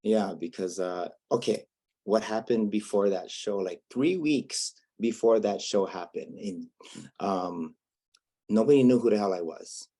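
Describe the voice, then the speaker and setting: A man's voice: lowish voice, unhurried, warm tone, slightly rough. A man from Hawaii with a Hawaiian accent, chatting as a guest comedian in a laid-back, wry, self-mocking way. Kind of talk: casual interview chat.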